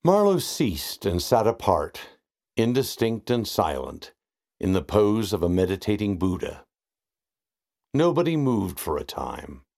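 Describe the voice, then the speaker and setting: Low-voiced male narrator, lively pitch. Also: measured pace. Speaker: audiobook narrator. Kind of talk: literary narration.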